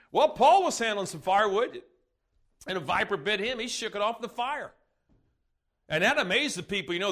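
A man's voice: high-pitched, pushed and bright. A man preaching, telling rambling folksy stories and laughing along at them. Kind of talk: sermon storytelling.

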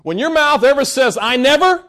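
Very high-voiced emphatic male preacher. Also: animated. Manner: emphatic preaching that bursts into shouts; scolding, drawn-out emphasis. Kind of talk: sermon.

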